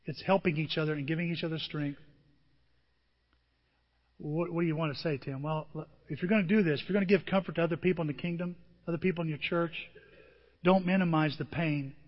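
A man's voice: a little high, a little fast. An older man preaching a sermon as the pastor, telling stories and acting out what people said. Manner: animated storytelling with acted-out quotes. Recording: dull audio in a long-reverb hall.

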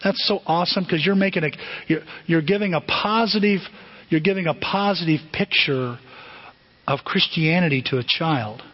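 A man's voice: a little high, normal speed. A man preaching a sermon as a pastor, talking in a conversational way and asking the congregation questions. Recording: dull lo-fi sound.

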